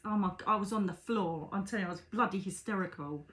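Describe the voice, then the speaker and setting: A woman reads aloud from her own book in a plain, middle-pitched voice, now and then stopping to chat with her viewers and call them darlings. The sound rings with the echo of a bare room. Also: fast, hardly any pauses, a bit bright. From Britain. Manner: chatty asides to viewers, calls them darlings. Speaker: psychic medium and author. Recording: echoey room.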